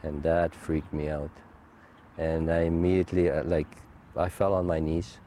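Man, middle-aged, very low dark voice, halting heartfelt testimony, lots of ums and restarts. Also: little pitch movement, a little hiss or hum. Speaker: guest sharing a testimony. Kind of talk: personal faith testimony.

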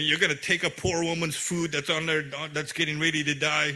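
Bright-voiced man preaching casually. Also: on the high side, flat delivery, a little fast, few pauses. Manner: conversational, frequent "you know" fillers. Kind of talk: sermon.

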